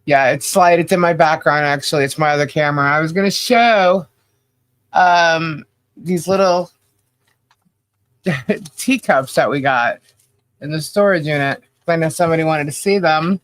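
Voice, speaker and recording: High-voiced, stuffy-nosed man greeting viewers. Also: normal speed, long pauses, fairly bright tone, no echo. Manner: upbeat, chatty, rattles off names. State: stuffy, slightly nasal from humidity and allergies. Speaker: livestream co-host. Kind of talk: casual livestream chat greeting viewers.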